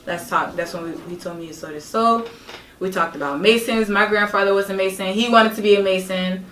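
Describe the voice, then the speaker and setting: A young woman telling a story as a podcast guest, animated, emphatic and profane. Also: medium pitch, brisk, slight background noise. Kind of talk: casual storytelling. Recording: roomy echo, distant mic.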